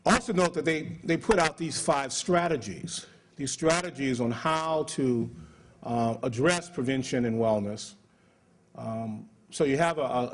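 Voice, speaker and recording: A man with an American accent speaks to a conference audience in a conversational lecturing style. He often pauses on fillers and restarts his phrases. His voice sits at an ordinary middle pitch. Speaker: public health executive giving a conference talk. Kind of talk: conference speech.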